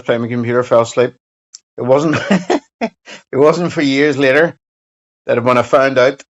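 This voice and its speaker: Male streamer, profane rambling banter, mid-pitched voice, dull lo-fi mic. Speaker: live streamer. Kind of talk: casual stream chat.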